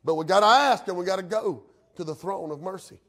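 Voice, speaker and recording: A man's voice: sits high, fairly quick, a bit bright. A male pastor, preaching a sermon in a folksy way that rises to fervent emphasis.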